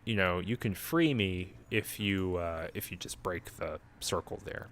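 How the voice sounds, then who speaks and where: A man voicing a blunt male fiend who makes flippant, deadpan threats. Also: low voice, measured pace, pitched below the performer's own voice. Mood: flippant menace.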